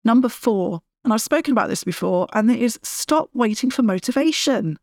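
A woman's voice: fairly high pitch, expressive, moderate pace, darkish tone, no room sound, studio quality. Blunt, emphatic woman coaching. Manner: direct, emphatic, tough-love coaching. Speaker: podcast host and fitness coach. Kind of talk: solo podcast monologue.

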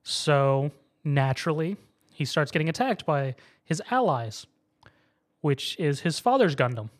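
Speaking a little slowly in a slightly high voice, a man chats about an anime episode he watched. He tells it with animation, voicing the characters' lines along the way.

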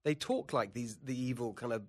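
A man's voice: mid-range voice, brisk, darkish tone. An indignant male pundit with a mid-range voice, talking emphatically and stumbling over repeated words. He pushes his points hard. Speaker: political commentator guest. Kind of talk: heated political commentary.

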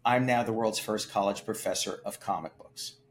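An older man, a film producer, telling emphatic, animated stories in an interview. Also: fairly low pitch, normal speed, a little hiss or hum. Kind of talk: storytelling interview.

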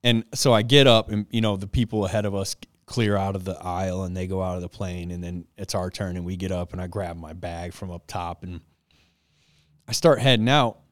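A man casually telling an animated, self-mocking story and laughing along the way. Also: deep voice, brisk, dry recording, studio quality.

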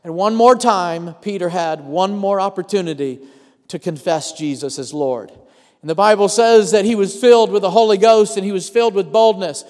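A man preaches a storytelling sermon, regularly calling out to the congregation for an amen. His voice is notably high for a man. Long reverb rings behind him, as in a church hall. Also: moderate pace, darkish tone. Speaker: pastor.

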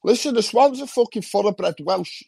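A man's voice: sits high, animated, normal speed, gravelly, crowd noise. A man with a Liverpool accent co-hosting a live stream, rambling, talking a lot and swearing. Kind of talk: casual live stream chat.

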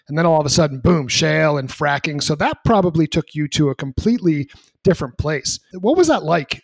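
A man's voice: fairly high pitch, no echo. A man from New Hampshire hosting, asking long chatty questions and joking. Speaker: host. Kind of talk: casual interview questions.

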